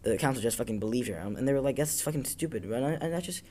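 Racing along in an expressive, mid-range voice with a darkish tone, a podcast host from Tacoma, Washington chats casually. His stories ramble, get profane, and include acted-out quotes.

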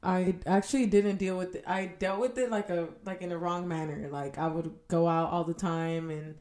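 A young woman co-hosting a casual podcast, speaking haltingly with deadpan jokes. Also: lowish voice. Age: young adult. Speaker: podcast co-host. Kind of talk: casual chat.

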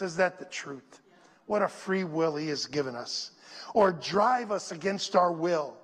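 A slow-speaking male pastor with a slightly high, husky voice delivers a sermon, calling for responses and sinking into hushed, breathy prayer. His voice carries a long reverberant tail in a large church hall. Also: animated. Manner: preaching with call-and-response, growing hushed and whispery toward prayer.

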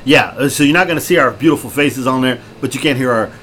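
A middle-aged man co-hosting a podcast, loud, jokey and excitable, laughing often. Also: mid-range voice, quick pace. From Texas. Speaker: podcast co-host. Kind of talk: casual chat. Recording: faint background noise.

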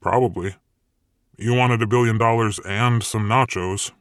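A man's voice: lowish voice, fairly even intonation, measured pace, no room sound, studio quality. A man narrating an audiobook voices a terse, sardonic male devil. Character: gruff, exasperated male devil.

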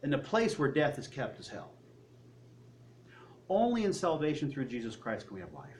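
A man preaching a sermon, swinging between loud, high peaks and low, quiet asides. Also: huge pitch swings, moderate pace, slight background noise.

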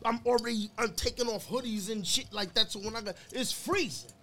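A man telling a story in casual podcast chat, animated and profane, acting out quotes. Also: high-pitched, brisk. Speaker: guest.

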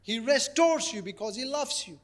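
A male pastor preaching a sermon in an animated, playful way, repeating his key phrases. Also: extremely high pitch, moderate pace.

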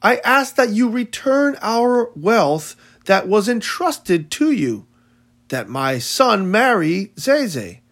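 A man's voice: high-pitched, a bit bright, voice pushed up, heavily acted. A man voicing a grieving widowed mother who pleads formally before village elders, read as an audiobook. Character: grieving widowed mother, dignified then desperate. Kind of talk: audiobook reading.

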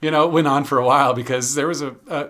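A man's voice: medium pitch, steady tone, racing, fairly bright tone. A man, a podcast co-host, chatting casually and telling a joking story with his wife, laughing often. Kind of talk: casual chat.

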